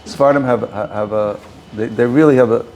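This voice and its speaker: Man, rabbi, informal talk, halting delivery, repeats and restarts words. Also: mid-range voice, darkish tone, a little hiss or hum. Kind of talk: informal talk to a small group.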